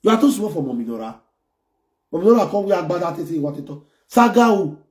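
A man with a Nigerian accent rants and jeers, swinging between loud taunts and low muttering. His voice sits a little high for a man. The sound is roomy, with the voice bouncing around the space. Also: sing-song, quick pace. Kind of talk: ranting online commentary.

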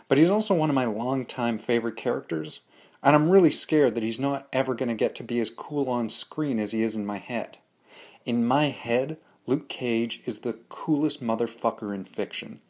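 Male host, mid-pitched, scripted review monologue, candid, opinionated, dry humor. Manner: candid, opinionated, dryly joking. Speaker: host of a comics analysis show.

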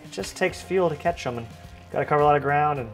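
A man's voice: fairly high pitch, quick pace, soft background music. A man hosting a casual home cooking vlog, chatting easily and explaining each step as he cooks. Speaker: family fishing channel host. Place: home kitchen.

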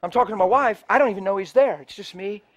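A man's voice: high voice, quick pace. A middle-aged male preacher telling a story to his congregation, acting out both sides of the conversations as he goes. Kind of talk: storytelling sermon. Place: church before a live congregation.

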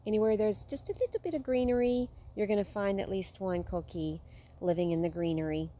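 Earnest woman with a mellow voice. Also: mid-range voice, fairly quick, a little hiss or hum. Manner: earnest and heartfelt, drifting soft. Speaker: vlogger. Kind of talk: casual vlog monologue. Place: home with a yard.

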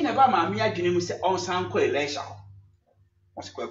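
A man with a Ghanaian accent, a church elder preaching a sermon and telling a story with lively sound effects and English phrases mixed in. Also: high voice, a little fast. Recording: echoey, distant, dull with faint hum.

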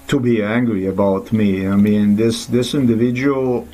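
A man's voice: fairly low pitch, steady tone, normal speed, mellow. Angry man ranting. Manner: furious, profane, rambling with restarts. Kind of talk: angry monologue to camera.

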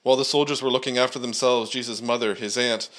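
A man preaching at a church service, praying and then reading scripture aloud in a measured way, with frequent "uh" and "um" fillers. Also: medium pitch, steady tone, a bit bright.

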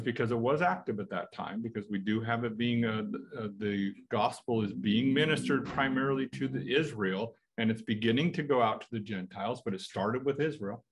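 A man's voice: medium pitch, moderate pace, slightly rough. An American man teaching a Bible study in a conversational way, asking his listeners rhetorical questions. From United States.

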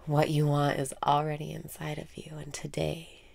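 Gravelly low-voiced woman guiding meditation. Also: completely flat delivery. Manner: slow, soft, often breathy whispers; repeats breathing cues and mantras. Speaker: meditation guide. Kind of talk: guided meditation.

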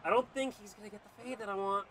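An excitable young man talks through his football video game as he plays, his high, bright voice leaping around as he calls plays and groans at mistakes. A faint hum of ambient sound sits behind him. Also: fast. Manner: excitable, swings from muttered play-calling to loud outbursts. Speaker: gaming YouTuber. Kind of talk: live commentary on his own football video game play.

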